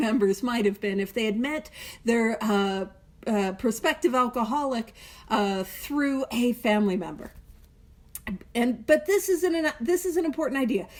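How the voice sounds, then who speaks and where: Woman hosting a book study, high voice, chatty and self-deprecating, cracks little jokes. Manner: casual, self-deprecating, joking asides. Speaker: host of a study group.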